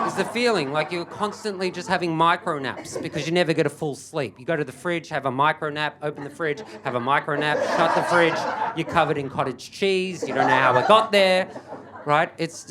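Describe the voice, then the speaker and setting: A man doing stand-up, telling a self-mocking story with animated, building energy. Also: fairly high pitch, a little hiss or hum. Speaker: stand-up comedian. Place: live comedy stage.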